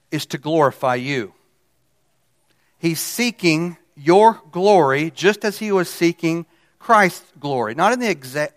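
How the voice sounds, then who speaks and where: A man preaching a sermon, pressing key phrases with emphasis and letting his voice drop low at the ends of lines.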